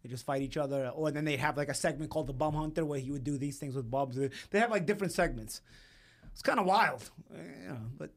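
A man talking as a podcast guest in casual chat, animated and rambling, often breaking into laughter. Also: on the high side, fast talker. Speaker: podcast guest, boxing broadcaster.

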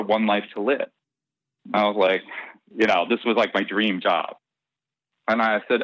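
A man telling a personal story in an interview, bringing the dialogue to life and breaking into laughter. His voice sits fairly low and is recorded dry and dull, with a slightly lo-fi sound. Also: a little fast, long pauses, dry recording. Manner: animated anecdote with quoted dialogue and laughs. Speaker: interview guest. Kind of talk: casual storytelling.

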